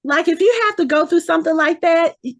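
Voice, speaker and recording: A woman's voice: extremely high pitch, brisk, a bit bright. A woman co-hosting a podcast, animatedly recapping an episode in casual chat and acting out the characters' lines as she goes. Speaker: podcast co-host.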